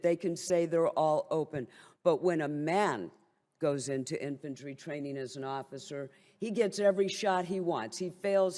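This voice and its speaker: A woman's voice: lowish voice, a little mellow. An older woman who is a military veteran gives an impassioned, blunt and wryly indignant speech at a briefing. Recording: long hall reverb.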